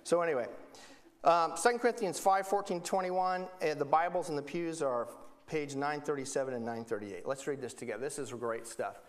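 A middle-aged man delivers a relaxed sermon from a church pulpit. His voice sits a little high for a man. He talks in a chatty, joking way, breaking off mid-sentence and restarting as he goes. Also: brisk. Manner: chatty, joking, self-interrupting. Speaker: pastor. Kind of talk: casual sermon.

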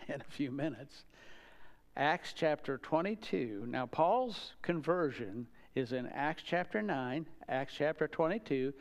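A man's voice: fairly high pitch, clear, resonant tone. A man preaching a sermon, earnest, rising with emphasis on the key questions.

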